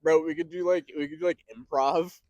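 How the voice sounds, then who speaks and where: A young man co-hosting a casual podcast, animated and full of fillers, laughing often. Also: on the high side, fairly quick, no room sound, muffled recording. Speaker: podcast co-host. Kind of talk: casual chat.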